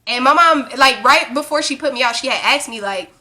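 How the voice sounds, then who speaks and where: A woman's voice: high voice, fast talker. A woman in her twenties ranting in a casual vlog, blunt and profane, acting out arguments as she tells them. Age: 20s. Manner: blunt, profane, animated storytelling. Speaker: vlogger.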